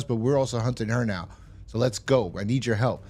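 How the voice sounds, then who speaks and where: A man's voice: mid-range voice, normal speed, a little mellow. A man recapping and reviewing a TV episode in a casual, rambling way, swearing often and acting out quoted lines. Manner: rambling, profane, retells scenes with quoted lines. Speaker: show reviewer.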